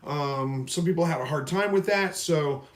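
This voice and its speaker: A man's voice: fairly high pitch, normal speed. A man from Missouri hosting a casual live stream, reading viewer questions aloud and answering in a rambling, folksy way. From Missouri, USA. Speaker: livestream host. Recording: roomy echo.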